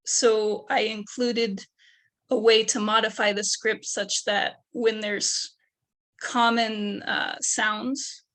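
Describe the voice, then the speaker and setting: A woman's voice: fairly high pitch, creaky, fairly bright tone. A young woman presenting her undergraduate research, methodically explaining each step of her work. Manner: methodical, explaining steps one by one.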